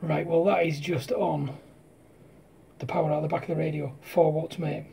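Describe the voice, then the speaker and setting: Gravelly man speaking softly. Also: fairly high pitch, flat delivery, normal speed. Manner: talks close to the mic and quietly, with CB slang. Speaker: CB radio operator. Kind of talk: casual CB radio chat. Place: home at night, partner asleep. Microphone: close to radio handset mic.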